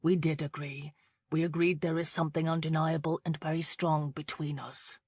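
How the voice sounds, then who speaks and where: A woman voicing a brooding young male suitor in a romance audiobook, speaking low and quiet with slow insistence. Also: little pitch movement, breathy edge, dry recording. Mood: insistent.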